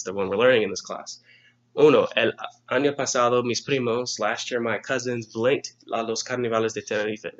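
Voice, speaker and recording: A man's voice: on the low side, lo-fi sound. A male Spanish teacher patiently walking students through an exam review lesson, step by step.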